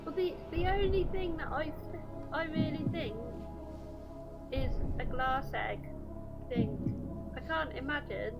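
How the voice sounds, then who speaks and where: A middle-aged woman playing a quiz contestant in casual chat, unhurried and giggly as she weighs her answers. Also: high-pitched, creaky, over loud music.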